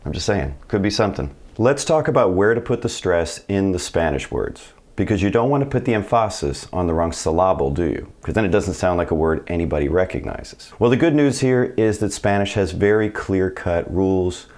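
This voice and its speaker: Deep-voiced man teaching Spanish. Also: animated, fairly quick, hardly any pauses, darkish tone. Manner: friendly, joking asides to viewers. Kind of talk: video language lesson.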